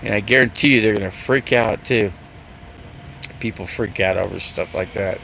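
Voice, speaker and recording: A man's voice: lowish voice, normal speed, vocal fry, bright, forceful tone, a little hiss or hum. An older man talking casually and at length on his live stream, chatty and repetitive, with lots of fillers as he wanders from point to point. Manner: rambling, chatty, repeats himself, heavy use of fillers. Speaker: RV vlogger. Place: living out of an RV.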